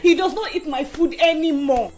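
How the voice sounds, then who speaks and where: A distressed wife. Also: female voice, high voice, very animated, fairly quick, soft background music. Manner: pleading, repeats "Eh?". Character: distressed faithful young wife. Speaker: accused wife. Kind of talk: Nollywood film acting.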